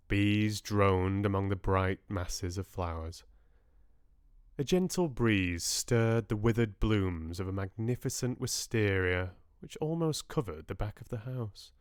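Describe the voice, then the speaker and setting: A man reading a novel aloud for his livestream book club, slowly and expressively. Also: fairly low pitch, smooth, dry recording, clean studio sound. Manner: slow, expressive, lively. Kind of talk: audiobook-style reading.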